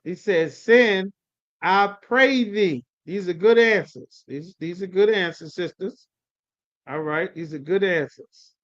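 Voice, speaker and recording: A man teaching a live online scripture class. He calls on students by name, coaxing and chiding them in a slangy, casual way. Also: high-pitched. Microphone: video call. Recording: lo-fi livestream audio.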